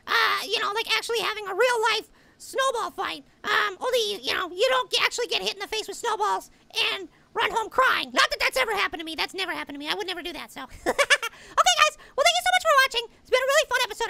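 A man voicing a tiny, excitable male cartoon apple who gives gameplay commentary and gets riled up at his opponent. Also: fast talker, creaky, no room sound, exaggerated voice. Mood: excited. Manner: squeaky, easily riled, shouting at opponent. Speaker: let's play gamer.

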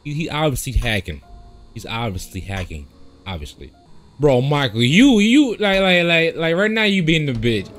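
A young man playing a horror game and commenting, often yelling and swearing at the game. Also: fairly high pitch, sing-song, normal speed, soft background music. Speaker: gaming streamer. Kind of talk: gameplay commentary.

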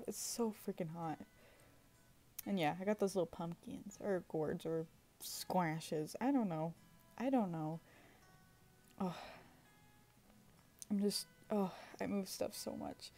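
A young woman chatting casually in a home vlog voice-over, giggling often and scolding herself as she goes. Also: medium pitch. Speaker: vlogger. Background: soft guitar music.

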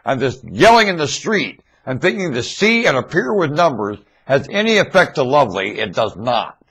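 A man talking straight into his webcam mic in a monologue rant, swinging between loud emphatic outbursts and low muttering. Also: big pitch swings, normal speed, husky.

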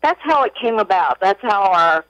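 A woman answering questions as a guest in a radio interview, soft-spoken and measured with pauses. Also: mid-range voice, expressive, no room sound. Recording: muffled radio audio.

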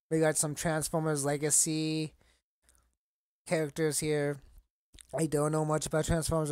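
A man in a casual collecting vlog, talking haltingly and getting choked up, rambling with many fillers. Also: a little high, a little mellow, no room sound, studio quality. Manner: halting, emotional, choked up at times. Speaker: collector vlogger.

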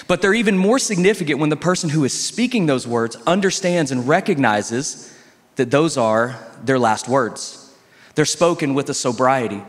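A male pastor delivering a sermon in a church sanctuary, telling stories in a relaxed, conversational way with emphatic pauses. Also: medium pitch. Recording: long reverb from a church hall.

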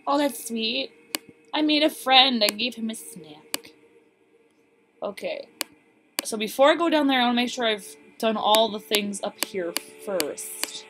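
Chatty higher-voiced woman playing a game. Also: a little slow. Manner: chatty, excitable, talks to viewers. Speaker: let's play gamer. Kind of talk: casual gameplay commentary. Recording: steady background noise.

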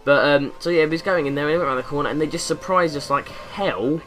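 A man's voice: fairly high pitch, fast, a bit bright. A young man from England giving a rambling, jokey commentary over a racing game in his bedroom, slipping into silly voices now and then. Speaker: gaming YouTuber. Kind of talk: casual gameplay commentary. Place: bedroom with window open.

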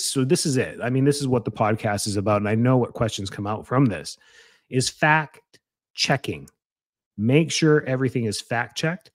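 A man's voice: medium pitch, a little mellow, no room sound. A man hosting a podcast as a chiropractor, talking casually and energetically, rambling with restarts and fillers.

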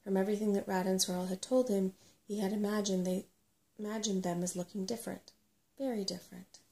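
A woman reads a storybook aloud in a soft-spoken ASMR manner. Her delivery is gentle and unhurried. A light gravelly texture runs through her voice. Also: mid-range voice, flat delivery.

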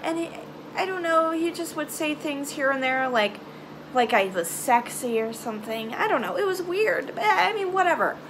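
A young woman telling a personal story to camera in a halting, emotional way, trailing off into sighs and nervous laughs. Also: high-pitched, expressive, noisy background. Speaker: vlogger. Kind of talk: confessional storytime vlog.

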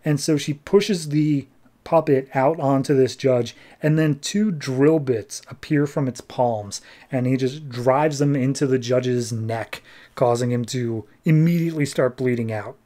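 A man's voice: mid-range voice, a little slow, dark tone. A man hosting a podcast, casually recapping a comic issue in a jokey, wry way. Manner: jokey, wry, acts out quotes. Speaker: podcast host.

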